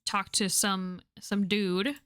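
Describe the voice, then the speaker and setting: A woman's voice: mid-range voice, flat delivery, slow, a bit bright, smooth, no room sound, clean studio sound. A woman streaming a video game, reading its dialogue aloud with playful, casual commentary and the odd swear.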